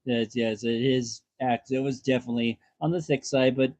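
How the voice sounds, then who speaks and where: A man's voice: mid-range voice, fairly even intonation, a little mellow, no echo, highs cut off. Dry-voiced man hosting a casual podcast. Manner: halting, restarts often, swears casually. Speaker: podcast host. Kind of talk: casual chat.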